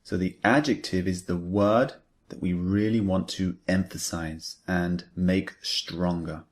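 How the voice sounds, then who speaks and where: A man with a very deep voice explains English phrases in a patient, unhurried lesson. He speaks slowly and reads his example sentences aloud with added stress. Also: fairly even intonation. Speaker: English teacher.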